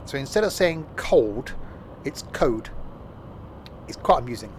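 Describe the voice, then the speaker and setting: A man's voice: mid-range voice, very animated, a little slow, a little hiss or hum. A man giving casual, jokey gameplay commentary while streaming, rambling and trailing off mid-sentence. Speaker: game streamer.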